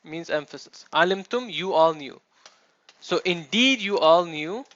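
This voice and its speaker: A man's voice: a little high, lively intonation, measured pace, a bit bright, dry recording. A man teaching a classroom lecture, explaining step by step and checking in with his students. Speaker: Arabic teacher. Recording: dull, dry classroom recording.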